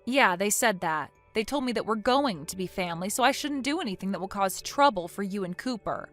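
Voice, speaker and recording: A synthetic woman's voice reading a text-message story in a cold, firm and measured way. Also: mid-range voice, animated, fairly bright tone, faint music behind.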